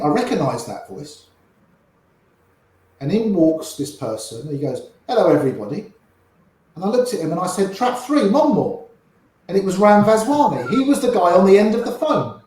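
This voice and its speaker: A middle-aged man spins casual, wry stories as an interview guest, his voice sitting a little high. He loops back and repeats phrases as he goes. The room around him rings with strong echo. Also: sing-song, normal speed, darkish tone. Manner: chatty, wry, repeats himself while telling stories. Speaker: interview guest, poker player. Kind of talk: casual anecdotal storytelling.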